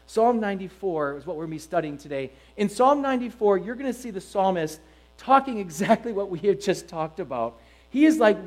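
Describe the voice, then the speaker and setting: A middle-aged man preaching a sermon to his congregation, emphatic and animated, full of rhetorical questions. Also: high voice, poor audio. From United States. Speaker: pastor.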